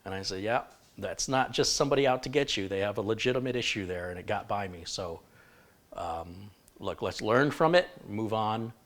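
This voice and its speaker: Male livestream host, low-ish voice, frank and chatty. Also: moderate pace. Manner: frank, shifting between stern and chatty. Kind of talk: live-stream chat.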